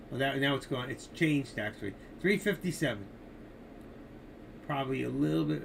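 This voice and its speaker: An older man hosts a casual livestream, rambling opinionatedly about markets and addressing viewers directly. His voice is medium-pitched, with background noise.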